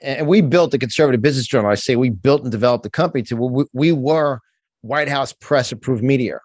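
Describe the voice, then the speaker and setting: A middle-aged man with a New York accent, a motivational speaker and business coach, speaks as a guest in a passionate conversational interview, emphatic and fired up, frequently restarting his words. His medium-pitched voice is a little mellow, he talks fast, and there is no echo.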